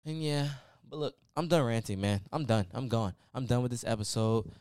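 A man's voice: mid-range voice, normal speed, a little mellow, clear, resonant tone, dry recording, clean studio sound. A man hosting his own podcast, giving a casual, preachy motivational talk full of repeated "man" and "y'all.". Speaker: podcast host. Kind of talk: motivational solo podcast rant.

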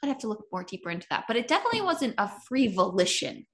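Bright, lively woman co-host. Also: a little high. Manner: playful, teasing asides, quick laughs. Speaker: podcast co-host. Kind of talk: casual chat.

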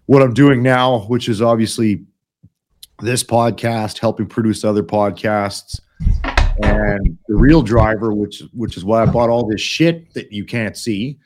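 A man's voice: fairly low pitch, steady tone, a little slow, darkish tone. A middle-aged man hosting a casual podcast, blunt and rambling, swearing often. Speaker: podcast host.

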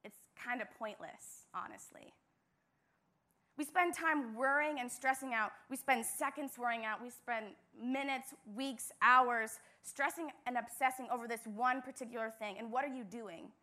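A woman's voice: fairly high pitch, moderate pace, pushed and bright. A young woman, a church intern, giving an earnest devotional message with emphatic repetition.

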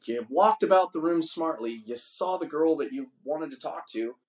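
A man's voice: fairly high pitch, expressive, normal speed, a little mellow. Profane, boastful man telling a story. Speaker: podcast host. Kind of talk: casual storytelling chat.

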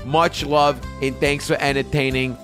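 A man's voice: mid-range voice, little pitch movement, normal speed, a bit bright, soft background music, lightly acted. A man voicing a brash, crude middle-aged woman from New Jersey, putting on a New Jersey accent and telling a story with joking asides. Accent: New Jersey, put on. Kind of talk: comic reading of a listener's story.

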